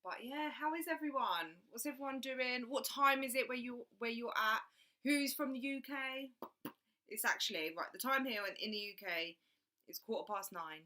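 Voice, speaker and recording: A chatty woman hosts a casual livestream, greeting viewers by name and tossing in "mate" and "like." Her voice is bright and sits a little high. She laughs often as she talks. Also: moderate pace. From England. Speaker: livestream host.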